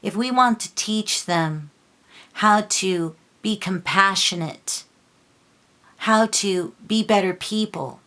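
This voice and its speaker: A woman's voice: fairly low pitch, a bit bright. Impassioned woman reading tarot cards. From Los Angeles. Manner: impassioned, scolding, lots of filler and restarts. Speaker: tarot reader.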